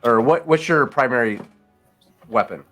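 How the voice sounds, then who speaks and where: A man's voice: medium pitch, moderate pace, fairly bright tone, soft background music. A man narrating as game master, casual and rambling, calling players mate.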